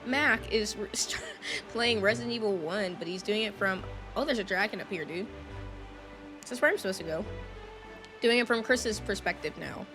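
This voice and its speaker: A woman's voice: medium pitch, moderate pace. A woman is live-streaming a game and chatting easily with her viewers, laughing often between lines. Her voice is still recovering after she lost it. Faint game music plays under her talk. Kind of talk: casual live-stream chat.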